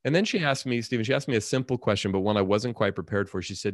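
A man's voice: fairly low pitch, fast talker, dry recording, studio quality. A middle-aged man, an author and speaker, telling a personal story in an interview in an earnest, reflective way and acting out dialogue.

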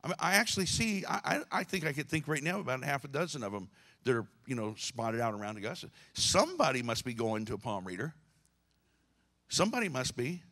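A man's voice: mid-range voice, sharp tone. A male pastor giving a casual, joking sermon to his church, with many restarts. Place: church sanctuary.

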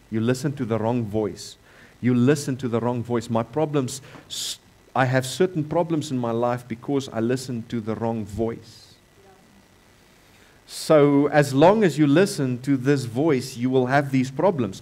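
A South African man of medium pitch preaches in a church as its pastor. His sermon leans on repeated key phrases and shifts between loud emphasis and calmer, quieter stretches.

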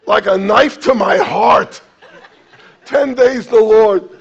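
Guy preaching a sermon, high-pitched husky voice, kinda dull lo-fi sound. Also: takes it slowly. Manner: animated, acts out quotes with jumps in pitch and volume. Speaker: pastor.

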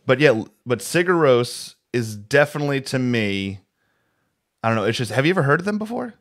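A man's voice: mid-range voice, animated, fairly quick. Rambling male co-host on a video call. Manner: rambling, full of restarts and fillers. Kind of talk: casual pop culture chat.

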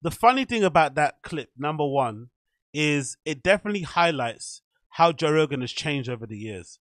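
A man's voice: fairly high pitch, sing-song, normal speed, no echo, clean studio sound. A man hosting a commentary channel, chatting casually and rambling with fillers.

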